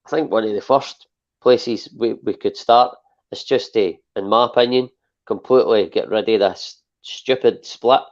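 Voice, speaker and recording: Scottish male podcast host, low pitch, easygoing chat, dull lo-fi recording. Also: moderate pace. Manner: chatty, with lots of fillers like "obviously". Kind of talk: casual football podcast chat.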